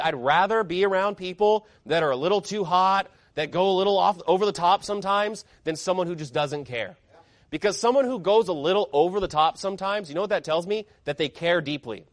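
High-voiced fiery male preacher. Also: a little fast, no echo. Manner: emphatic, fiery preaching with rhetorical questions. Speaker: pastor. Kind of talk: sermon.

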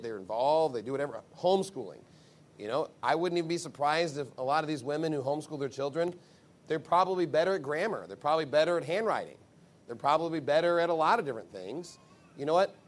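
Animated man preaching to wives. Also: on the high side. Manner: animated, acts out quoted voices. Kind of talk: sermon-style advice talk.

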